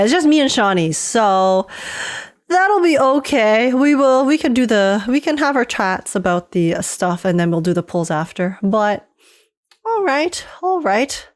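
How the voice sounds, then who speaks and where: A woman's voice: mid-range voice, clean tone. A woman streaming live, chatting casually with her viewers, laughing often and restarting her phrases as she goes.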